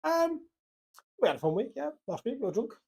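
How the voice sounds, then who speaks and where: A young man from Liverpool with a Scouse accent, co-hosting a podcast in casual, sweary, animated chat. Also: extremely high pitch, brisk, creaky, slightly rough. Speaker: podcast co-host.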